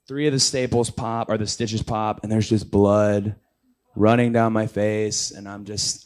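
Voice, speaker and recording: A man in his thirties, spinning a casual anecdote as an interview guest. His speaking voice sits a little low, and he jumps into raised, animated voices to act out what others said. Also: unhurried. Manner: animated storyteller, acts out quotes in raised voices. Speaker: interview guest, pro wrestler.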